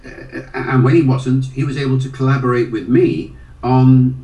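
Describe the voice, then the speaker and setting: A man's voice: medium pitch, normal speed, dark tone. An older man giving an interview, telling anecdotes with frequent hesitations and fillers. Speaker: guest, linguist. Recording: roomy sound from a distant mic.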